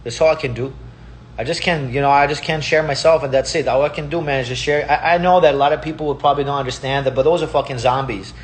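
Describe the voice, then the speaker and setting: A man's voice: mid-range voice, fairly even intonation, fast talker. A man with Russian as his first language, giving a heated, profane casual monologue and repeating himself. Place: Palm Springs.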